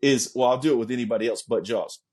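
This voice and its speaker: A middle-aged man spins casual stories as a guest, easygoing and liberally profane. He breaks into laughter partway through sentences. His voice sits at an ordinary pitch. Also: fast, a little mellow, breathy edge. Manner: laid-back, profane, laughing asides. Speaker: interview guest. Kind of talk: casual storytelling.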